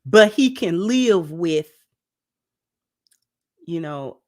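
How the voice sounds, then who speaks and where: A woman giving casual relationship advice to camera, talking conversationally, repeating phrases and dropping low and soft for asides. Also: animated, measured pace, long pauses. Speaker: relationship vlogger.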